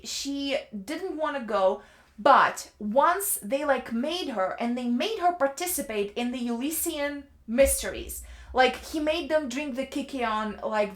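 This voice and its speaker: A woman's voice: on the high side, echoey room. A woman giving a casual, ranting book review, chatty and exasperated, leaning on "like" a lot. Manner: exasperated, chatty, fills speech with "like".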